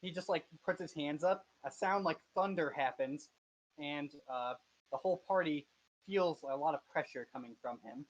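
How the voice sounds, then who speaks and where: A man's voice: fairly high pitch, normal speed, lo-fi sound. A man narrating a tabletop game as game master, hesitant and full of fillers. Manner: hesitant, many fillers and restarts.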